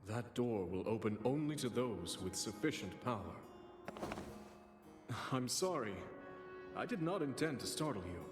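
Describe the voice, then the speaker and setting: A solemn ancient spirit king speaks gravely and with measured care. The game audio sounds roomy, and loud music swells underneath the voice. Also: medium pitch, big pitch swings.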